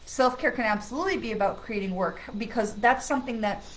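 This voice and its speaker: A woman's voice: a little high, fast, slight background noise, low-quality recording. Chatty, reassuring woman psychic. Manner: chatty, reassuring, repeats "okay?" and "right?"; bursts into loud excited laughter when greeting friends. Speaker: psychic medium giving card readings. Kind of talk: live-stream card reading, casual chat.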